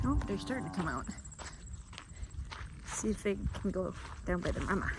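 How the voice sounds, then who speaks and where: A woman's voice: fairly low pitch, big pitch swings, normal speed, long pauses, background noise. A young woman with an Upper Midwest American accent, narrating casually while she works with livestock outdoors, chatting playfully to the animals and a little out of breath. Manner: chatty, talks to the animals in a playful sing-song. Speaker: farmer vlogger. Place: outdoors on a farm among cattle.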